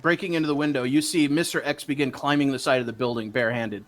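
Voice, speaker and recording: A man narrates a tabletop game as its game master. He rambles and pads his lines with fillers, and his voice sits at an ordinary middle pitch. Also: steady tone, quick pace, fairly bright tone.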